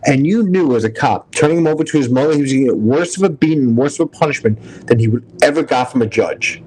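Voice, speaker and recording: A man's voice: medium pitch, animated, quick pace, darkish tone. Blunt, profane New York man. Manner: blunt, profane, storytelling with acted-out dialogue. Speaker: show host, retired police officer. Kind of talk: casual live-stream chat.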